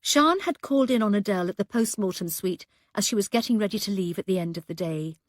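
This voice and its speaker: A woman narrating an audiobook in a measured, even storytelling manner, recorded close to the mic. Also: medium pitch, no room sound.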